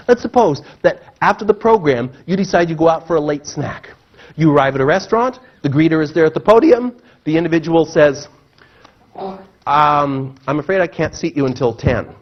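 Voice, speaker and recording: A man giving a seminar talk to a live audience, animated and acting out the voices he quotes. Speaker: motivational speaker. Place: seminar room. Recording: muffled low-fidelity recording.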